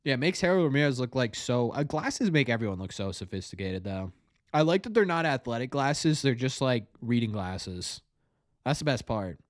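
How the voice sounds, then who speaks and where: Excitable man calling a ballgame live. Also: medium pitch, moderate pace, dry recording, studio quality. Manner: excitable, nervous, repeats cheers and pleas. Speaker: host of a fan show. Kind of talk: live watch-party commentary.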